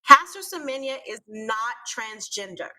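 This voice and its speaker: A woman's voice: a little high, animated, measured pace, bright, forceful tone, poor audio. A woman co-hosting a live panel talk show, explaining her point emphatically and stressing key words. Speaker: co-host.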